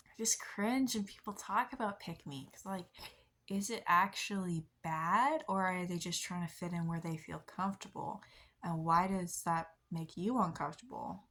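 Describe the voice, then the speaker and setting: Young woman, casual vlog chat, rambling, full of likes and ums, slightly low voice. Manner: rambling, many likes and ums, soft self-deprecating laughs. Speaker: vlogger. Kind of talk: casual confessional chat to camera.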